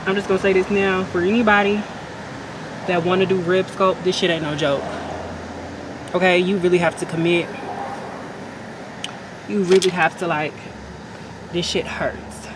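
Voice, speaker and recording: A woman's voice: lowish voice, fairly even intonation, normal speed, pauses often. A young woman vlogging casually, candid and blunt, swearing freely as she talks to her viewers. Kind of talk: casual vlog diary. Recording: background noise.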